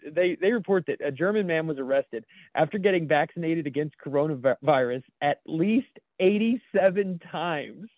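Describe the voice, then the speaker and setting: An American man co-hosts a casual chat, reading memes aloud and laughing as he goes. His voice sits a little high. It comes through a dry, tinny, phone-like line. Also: no room sound. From United States. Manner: laughs often while reading. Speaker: podcast co-host.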